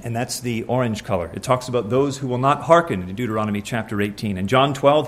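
A male preacher, neither high nor low in pitch, teaching from scripture in a conversational sermon. He keeps putting questions to his congregation and answers them himself in an earnest, friendly tone. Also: fast talker, few pauses.

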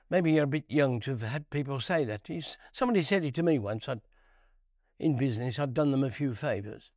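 A man giving a conversational Bible teaching, unhurried, repeating key phrases and asking rhetorical questions. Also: on the high side, no room sound, clean studio sound.

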